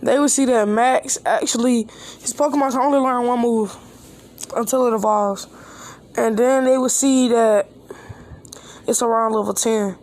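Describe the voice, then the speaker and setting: Woman, fairly high voice, telling an improvised fan story off the cuff, rambling with restarts. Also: steady tone, normal speed, pauses often, a little mellow. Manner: rambling, with restarts and quoted dialogue.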